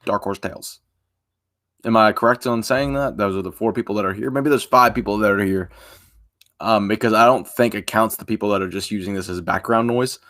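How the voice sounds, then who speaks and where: A young man talks to viewers on a casual live stream in a somewhat low voice. He sounds tired and rambles loosely, his phrases often trailing off into near mumbles. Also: fairly quick. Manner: rambling and informal, trailing off softly at the ends of phrases.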